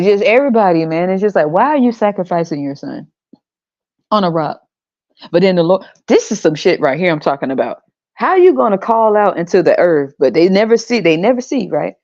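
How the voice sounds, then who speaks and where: A woman's voice: medium pitch, animated, normal speed, a little mellow, no echo, muffled recording. A woman hosting a podcast, ranting in a blunt, profane, mocking way and acting out other people's voices. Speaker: podcast host. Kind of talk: casual ranting monologue.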